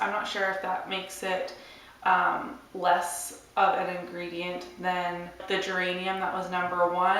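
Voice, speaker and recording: A young woman chatting to camera about her monthly favourites, hoarse and losing her voice, rambling in a relaxed way. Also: mid-range voice. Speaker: beauty vlogger. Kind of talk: casual chat to camera. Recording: echoey room, mic at a distance.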